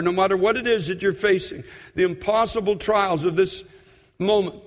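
A man preaching a sermon in a church, impassioned, slowing and stretching words for emphasis. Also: high voice, in a large hall. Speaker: pastor. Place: church sanctuary.

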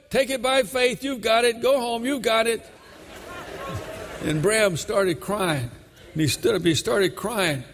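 A man from Brooklyn preaching a sermon, moving between shouted exhortation and a folksy story told with many fillers. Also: a little high, long reverb tail.

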